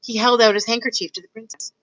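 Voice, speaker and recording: Woman reader, expressive storybook narration, bright voice, dry close sound. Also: a little high, fast talker, no echo, rough recording. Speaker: student reader. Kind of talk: reading a storybook aloud.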